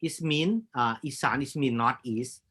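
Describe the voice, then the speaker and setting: A man from Thailand with a Thai accent, speaking as a guest lecturer in halting English with frequent filler pauses. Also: mid-range voice, bright, forceful tone, slightly rough. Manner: hesitant, many filler pauses, halting non-native English. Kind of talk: panel discussion.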